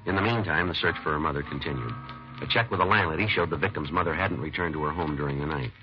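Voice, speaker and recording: An actor playing a police detective who narrates in a flat, clipped, matter-of-fact way, in an old radio crime drama. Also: male voice, rumbling low, quick pace, music in the background. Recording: dull lo-fi old radio recording.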